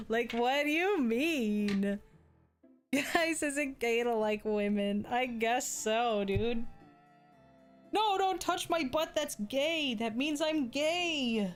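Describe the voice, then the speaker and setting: A woman's voice: a little high, slow, soft background music. A young adult woman streamer telling crude jokes and stories in casual chat. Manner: crude, joking storytelling, laughs often.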